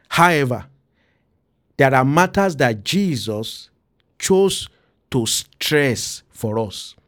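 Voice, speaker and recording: A man hosting a daily devotional podcast as a pastor, preaching earnestly and slowing down to stress key words. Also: medium pitch, dry recording, studio quality.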